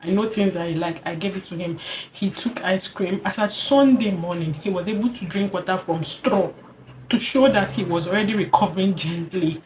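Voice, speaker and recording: A young woman with a Nigerian English accent, telling a personal story in an earnest, heartfelt vlog, repeating herself and pausing with fillers. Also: on the low side, darkish tone, slight background noise. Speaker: vlogger sharing a personal story. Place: hot indoor room.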